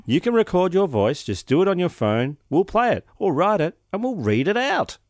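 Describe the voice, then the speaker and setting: A man's voice: high voice, big pitch swings, normal speed, a little mellow, no room sound, studio quality. A young man, co-hosting a casual podcast with a joking, sarcastic and sweary manner. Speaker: podcast co-host. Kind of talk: casual chat.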